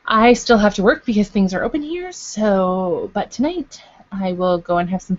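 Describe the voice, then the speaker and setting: A woman's voice: medium pitch, lively intonation, normal speed, lo-fi sound. A woman from Canada chatting casually to camera in a video blog, rambling with fillers and playful asides. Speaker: vlogger. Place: at home in Los Angeles.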